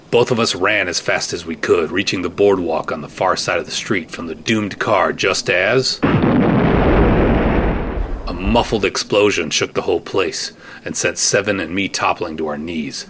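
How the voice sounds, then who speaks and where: Man, very low voice, first-person drama narration, steady and dry, noisy recording. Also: moderate pace.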